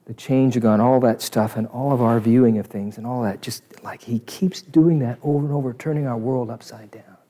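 A man preaching a sermon to a live congregation, animated and asking them questions. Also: medium pitch, fairly quick, hardly any pauses. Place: church service before a congregation.

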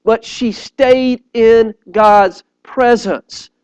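High-voiced preacher. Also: male voice, very slow, clean tone, no echo, lo-fi sound. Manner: animated storyteller, repeats words and phrases; earnest, appeals directly to listeners. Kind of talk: sermon.

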